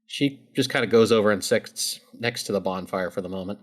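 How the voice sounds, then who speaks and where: A man's voice: lowish voice, a little fast. Man narrating as game master. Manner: relaxed, descriptive narration with casual fillers.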